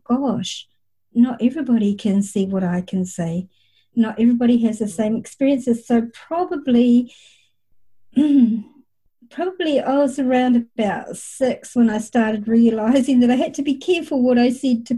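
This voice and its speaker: Speaking in a husky, mellow voice pitched on the higher side, a middle-aged psychic medium describes her experiences at length. It's a reflective interview told in a conversational, storytelling way, captured with poor audio.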